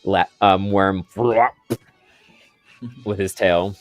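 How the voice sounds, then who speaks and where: A man narrating a tabletop game as game master in a relaxed, rambling way with fillers. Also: deep voice, moderate pace, dry recording, faint music behind.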